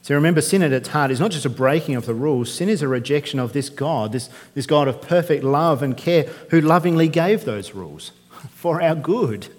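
A man's voice: on the high side, animated, a little fast. A man preaching a sermon in a conversational way, often asking the congregation rhetorical questions. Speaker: pastor. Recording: long reverb of a church hall.

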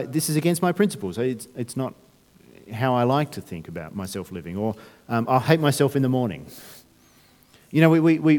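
A man's voice: mid-range voice, a little mellow, in a large hall. A man preaching a sermon, talking conversationally with restarts and rhetorical questions. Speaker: pastor.

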